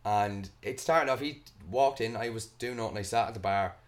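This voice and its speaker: A man's voice: lowish voice, moderate pace. A young Irish man ranting in a casual podcast chat, swearing a lot and retelling arguments. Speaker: podcast host.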